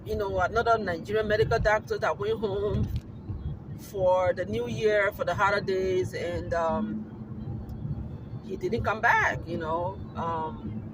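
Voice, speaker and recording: A man's voice: high voice, fairly even intonation, a little slow, background noise. A man from Liberia with a Liberian accent mixed with American, earnestly rambling to his YouTube viewers while driving, with lots of "you know" fillers. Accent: Liberian English mixed with American. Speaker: YouTube vlogger. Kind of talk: casual vlog talk while driving. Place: in a car on a windy, sunny summer day.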